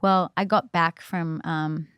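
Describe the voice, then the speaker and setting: A young adult woman, a podcast guest, telling a personal story in a casual, animated way with many fillers and restarts. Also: on the low side, slow, smooth, no room sound, clean studio sound.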